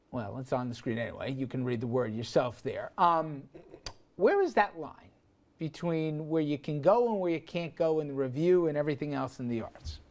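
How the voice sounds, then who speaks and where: A man's voice: a little high, darkish tone. A man hosting a television talk show, leading a casual panel discussion with lots of fillers and easy laughter. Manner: conversational, laughs easily, many fillers.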